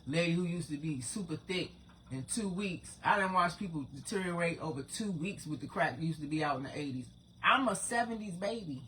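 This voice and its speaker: A streetwise host in their forties, talking straight to viewers. The monologue rambles and swears freely. Loud, emphatic stretches give way to quiet asides. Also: mid-range voice, animated, fairly quick, a little hiss or hum. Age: 40s. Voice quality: profane, rambling, streetwise talk. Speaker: spiritual channel host. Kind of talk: casual spiritual monologue to viewers.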